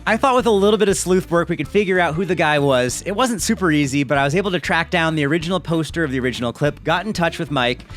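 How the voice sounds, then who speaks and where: A man's voice: a little high, fast talker, few pauses, soft background music. A man hosting a mountain bike video, reading a viewer's story aloud with chatty, joking asides. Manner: lively, chatty, jokey asides.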